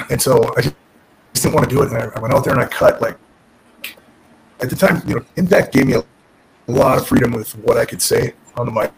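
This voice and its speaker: A man's voice: mid-range voice, fairly quick, vocal fry, long pauses, low-quality recording. A middle-aged man, a former pro wrestler, candidly telling his career story in an interview, frank and profane, often restarting his sentences.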